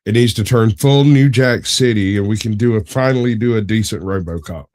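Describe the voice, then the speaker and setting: A man's voice: fairly low pitch, a little fast, darkish tone. A man co-hosting a podcast in casual chat, joking and teasing with crude humor. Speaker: podcast co-host.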